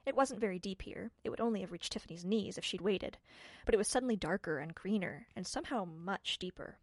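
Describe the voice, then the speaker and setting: A woman's voice: medium pitch, no room sound. Woman reading a storybook aloud, dry. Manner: expressive, measured. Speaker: audiobook narrator. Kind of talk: scripted storybook narration.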